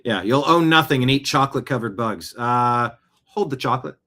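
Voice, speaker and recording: A man hosts his own news show and delivers heated commentary in a voice of middling pitch. He fires off one rhetorical question after another, indignant and unrelenting. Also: animated, fairly quick, sharp tone. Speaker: show host.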